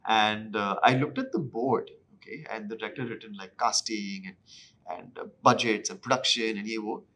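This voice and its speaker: A man, an actor telling anecdotes in an interview in an animated, self-deprecating way. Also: on the low side, moderate pace. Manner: animated, acts out dialogue in other voices; self-deprecating, mixes in Hindi phrases. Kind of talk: anecdotal storytelling.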